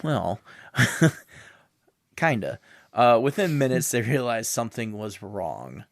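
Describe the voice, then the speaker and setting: A man's voice: medium pitch, sing-song, slow, gravelly, dry recording, studio quality. A man from the American Midwest co-hosting a comedic history podcast, loose and casual, swearing and laughing often. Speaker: podcast co-host.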